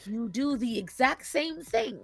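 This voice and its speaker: A woman's voice: high voice, animated, unhurried, creaky, no echo, soft background music. Emphatic opinionated woman on a dry mic. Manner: emphatic, opinionated, acts out quotes. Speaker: podcast co-host. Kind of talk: casual chat on pet behavior.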